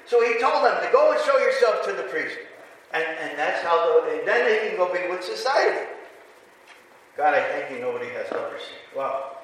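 A man preaching a sermon with a high, bright tone, rising into emphatic passages and throwing rhetorical questions at the congregation. The voice comes from a distance, ringing through a big reverberant hall with faint room noise underneath. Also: very animated, normal speed.

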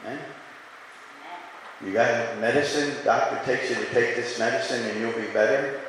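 A man preaching a sermon as pastor, swinging between loud fervent calls and hushed, low musing. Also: steady tone, normal speed. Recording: echoey hall, faint room noise.

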